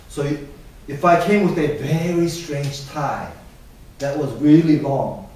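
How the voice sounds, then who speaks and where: A man's voice: on the high side, darkish tone. A male professor giving a conversational classroom lecture, often checking in with his students. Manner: conversational, keeps checking in with "right?". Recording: very echoey classroom, mic far off, faint hiss.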